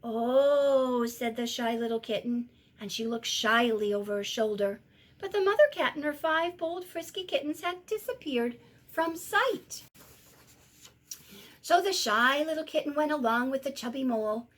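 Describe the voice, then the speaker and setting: A middle-aged woman, a teacher, reading a children's picture book aloud in an expressive sing-song way. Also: sits high, normal speed.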